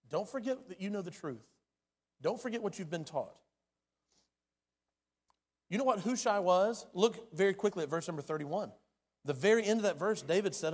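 A man preaching a sermon as pastor, his delivery swinging from loud and urgent to hushed and quiet. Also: sits high. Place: church sanctuary. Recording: long hall reverb.

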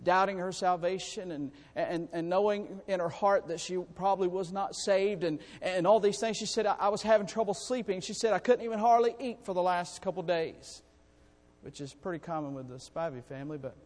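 A man preaching a sermon to his congregation, in a folksy, animated way with calls for amens. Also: high-pitched. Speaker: pastor. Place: church sanctuary. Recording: long reverb in a church hall.

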